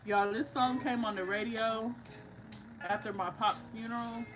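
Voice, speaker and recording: A woman's voice: on the high side, steady tone, unhurried, poor audio. A woman giving a casual, heartfelt psychic reading. She talks in a rambling way, full of "like" and restarts. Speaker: psychic card reader. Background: music playing.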